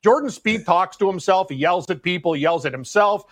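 An opinionated man co-hosting a casual sports talk show, with a notably high voice. He talks emphatically and lands his points with animated asides. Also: a little fast. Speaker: sports podcast co-host.

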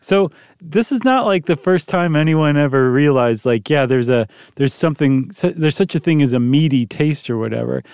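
A man's voice: fairly high pitch, animated, moderate pace, hardly any pauses, a little mellow, smooth, dry recording, studio quality. A man co-hosting a podcast in casual chat, joking and explaining things. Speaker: podcast co-host.

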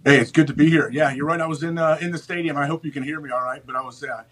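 A man's voice: on the high side, steady tone, rapid-fire, fairly bright tone, rough recording. A man who is a former player and show regular, telling stories in laid-back sports chat. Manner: laid-back storytelling with fillers. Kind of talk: casual sports talk.

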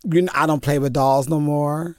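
A man chatting as a podcast guest, telling stories in an animated way and laughing often. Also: fairly high pitch, normal speed, no echo, studio quality. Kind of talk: casual podcast chat.

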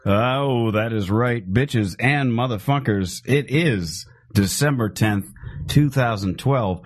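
A man's voice: mid-range voice, takes it slowly. A man hosting a casual comedy podcast, talking in a dry, laid-back and profane way. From Phoenix, USA. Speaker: podcast host.

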